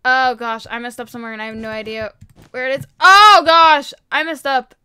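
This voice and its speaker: Young woman playing a video game, bright voice, talks to herself, gets loud fast. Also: fairly high pitch, smooth, dry recording. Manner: excitable, loud, talks to herself while building. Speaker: gaming video host. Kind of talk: casual game commentary.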